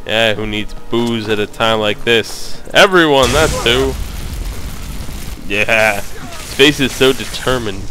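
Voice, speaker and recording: A man's voice: mid-range voice, pushed and bright. A man giving casual, joking commentary while playing a game, often mocking himself and going off on silly tangents. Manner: goofy, joking, self-mocking. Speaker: let's play gamer.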